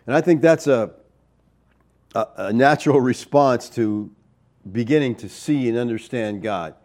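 A man preaching a sermon in an animated way, with rhetorical asides to the congregation. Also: mid-range voice, unhurried. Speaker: pastor.

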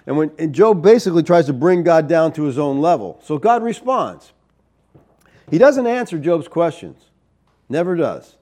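A man preaching a sermon in an animated way, with rhetorical asides to the congregation. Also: a little high, normal speed. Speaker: pastor.

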